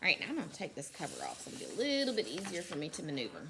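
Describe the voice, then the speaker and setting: A woman teacher giving a phonics lesson to young children, sounding out letters slowly and clearly and praising often. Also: fairly low pitch, huge pitch swings, background noise. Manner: encouraging.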